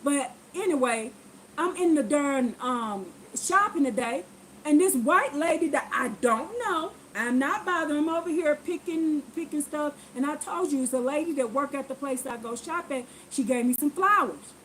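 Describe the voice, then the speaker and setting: A woman vlogger telling a personal story to her viewers in a lively, preachy way, acting out what people said. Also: high-pitched, moderate pace, a little hiss or hum, low-quality recording. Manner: animated, acts out quotes in voices; preachy, addresses viewers directly. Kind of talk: casual storytelling testimony.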